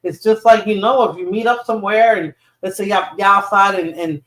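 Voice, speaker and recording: Higher-voiced man chatting on a livestream. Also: a little fast, fairly bright tone. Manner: conversational, repeats words while thinking. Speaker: livestream host reading chat. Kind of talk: casual livestream commentary.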